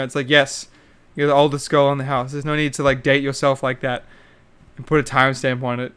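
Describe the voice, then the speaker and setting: A man's voice: mid-range voice, little pitch movement, brisk, fairly bright tone, clear, resonant tone. A young man hosting a solo podcast, ranting casually and swearing about a reality show, with lots of fillers. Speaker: podcast host. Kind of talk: casual solo recap chat.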